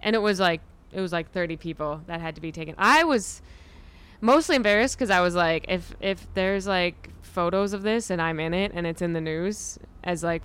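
A young woman in casual conversation with a smooth, resonant voice sitting a bit low. She rambles through her stories, swears freely and laughs along as she goes. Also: moderate pace, fairly bright tone. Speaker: comedian and podcast host. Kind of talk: casual chat.

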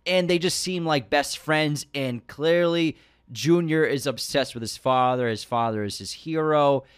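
A man's voice: on the high side, measured pace, smooth, no echo, clean studio sound. A man casually discussing a film as a podcast co-host, enthusiastic as he lists and praises.

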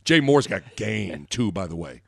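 A man co-hosting a sports radio show, chatting casually and rambling, sometimes breaking into loud shouted bits. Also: on the low side, very animated, moderate pace, creaky, dry recording, studio quality.

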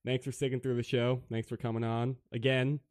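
A man's voice: mid-range voice, flat delivery, fairly quick, a little mellow, clean tone. A man hosting a casual sports podcast, laid-back and joking as he wraps up the show. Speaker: podcast host.

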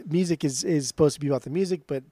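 A man co-hosting a podcast in casual, profane chat, animated and laughing often. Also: a little high, very fast, no room sound. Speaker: podcast co-host.

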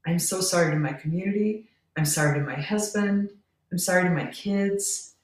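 With a fairly low pitch and moderate pace, a middle-aged woman on a podcast earnestly relates a personal story, laughing between her lines. She's picked up from a distance in a roomy space.

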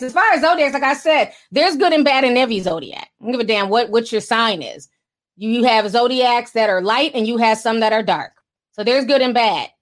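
A woman's voice: a little high, fairly bright tone. A woman hosting a casual livestream of gossip commentary, sassy and slangy, often laughing as she talks.

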